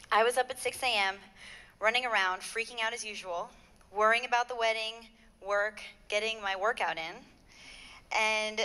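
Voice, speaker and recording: Young bride saying her vows, earnest and sweet, bright tone. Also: medium pitch. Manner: heartfelt, earnest, with light laughs. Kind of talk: reading wedding vows. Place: wedding ceremony venue.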